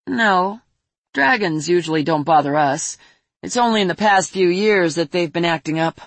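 A woman reads a grave adult adventurer in a lowered, breathy voice. He answers flatly, with tired certainty. The sound is dry and close. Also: moderate pace, no echo. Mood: calm, firm. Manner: flat, serious, matter-of-fact. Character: stern adult male adventurer, calm, weary.

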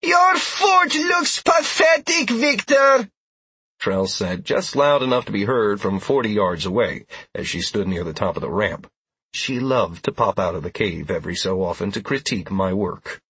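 Man, audiobook narration, first person, steady, low voice, husky. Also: moderate pace, dry recording.

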